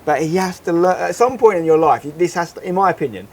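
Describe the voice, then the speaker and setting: A man in his thirties, co-hosting a casual podcast and telling a story in an animated, rambling way. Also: sits high, fast, a little hiss or hum. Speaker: podcast co-host. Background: faint outdoor holiday ambience.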